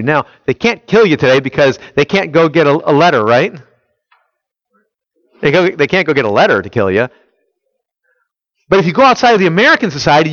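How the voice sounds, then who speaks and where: A man's voice: a little high, a bit bright, no echo. A man preaching a sermon, asking the audience questions and filling in the answers himself. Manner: quizzes listeners, fills in his own questions. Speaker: pastor. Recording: dull lo-fi, dry.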